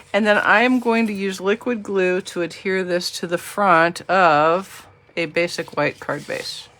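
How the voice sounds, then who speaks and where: A woman's voice: fairly low pitch, a bit bright, slight background noise. A woman, chatting and joking with viewers while she demonstrates card making. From Southern US. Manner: chatty, jokey, talks to viewers. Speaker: crafting demonstrator. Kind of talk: live card-making demo.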